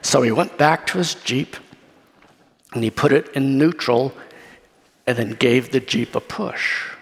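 A man preaching a sermon as pastor, telling a story in a lively way and acting out scenes. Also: mid-range voice, measured pace, slightly rough. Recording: long hall reverb.

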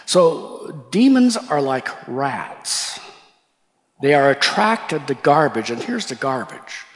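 Speaking slowly in a mid-range voice, a man preaching as a pastor brings a story to life and acts out the people in it. The sound carries a long reverb tail.

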